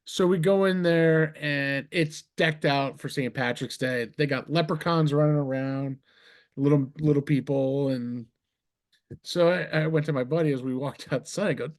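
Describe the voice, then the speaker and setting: A man from New Jersey hosting a casual podcast chat, telling stories with lots of restarts and high put-on voices for the people he quotes. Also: a little slow. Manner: animated storyteller, jumps to a much higher pitch for quoted voices. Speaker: podcast host.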